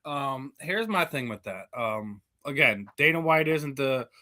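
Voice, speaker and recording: A man's voice: medium pitch, expressive, measured pace, bright, forceful tone. A man hosting a podcast interview, chatting loosely, repeating words and saying dude. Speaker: podcast host.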